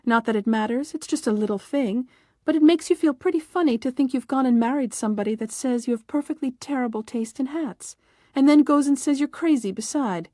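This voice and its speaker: A woman's voice: high-pitched, warm tone, dry recording, studio quality, lightly acted. A woman reading a fretful young bride. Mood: touchy. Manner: fretful, hurt, quick to take offense. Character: young newlywed bride, touchy and anxious.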